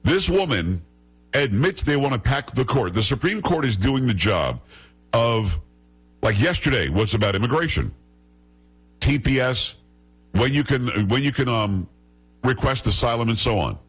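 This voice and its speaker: Man hosting talk radio, husky tone, scornful and emphatic, mid-range voice. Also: medium pitch, sing-song, normal speed, poor audio. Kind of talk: opinionated talk radio monologue.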